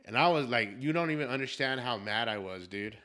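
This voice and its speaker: Young man, podcast host, casual chat, swears a lot, animated storytelling, bright voice. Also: mid-range voice, brisk.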